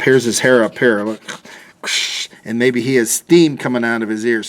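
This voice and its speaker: Chatty, playful man teaching cartooning. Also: medium pitch. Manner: chatty and playful, many fillers and restarts. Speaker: cartoonist teaching a drawing class. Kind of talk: casual drawing lesson for kids.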